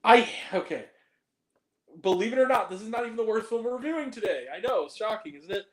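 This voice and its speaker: A man's voice: sits high, animated, fast. A man hosting a casual movie review show, rambling and profane, full of fillers. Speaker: film review show host. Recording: echoey room.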